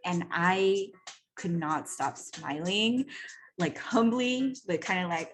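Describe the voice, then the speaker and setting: A woman coach telling a story in a casual, profane monologue, animated and full of "like" and "right?". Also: mid-range voice, unhurried, faint music behind. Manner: animated, acts out quoted voices. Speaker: personal growth coach.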